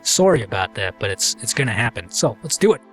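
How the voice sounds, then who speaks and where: A man's voice: medium pitch, sing-song, fast talker, husky, soft background music. A man hosting a let's play, chatting casually and playfully while he reads the game aloud. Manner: chatty, playful, self-mocking.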